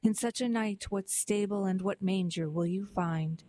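A woman's voice: mid-range voice, measured pace, warm tone, close to an everyday voice. A woman voicing a solemn grieving old patriarch. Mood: solemn lament. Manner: lamenting, solemn.

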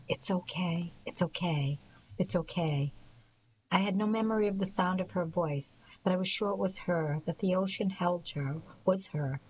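A woman reading a first-person novel aloud in a soft, measured, reflective way. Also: fairly low pitch, slight background noise, poor audio. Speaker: audiobook narrator. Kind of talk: scripted first-person narration.

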